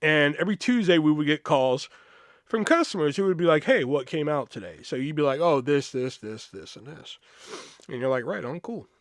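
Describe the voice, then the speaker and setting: A man in casual storytelling mode, swearing freely and jumping into voices for the people in his stories. His voice sits a little high for a man and sounds close and dry, with no room around it. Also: normal speed, no room sound. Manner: profane, animated, acts out quoted voices. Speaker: podcast host.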